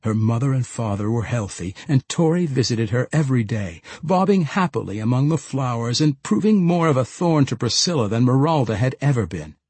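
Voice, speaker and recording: A man reading a fantasy novel aloud as an audiobook narrator, with measured, steady storytelling. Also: medium pitch, husky, dry recording.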